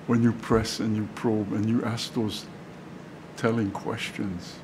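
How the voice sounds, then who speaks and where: Halting, conversational man preaching a sermon. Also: mid-range voice, darkish tone, a little hiss or hum. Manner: conversational, halting, many fillers and restarts. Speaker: pastor. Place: church sanctuary.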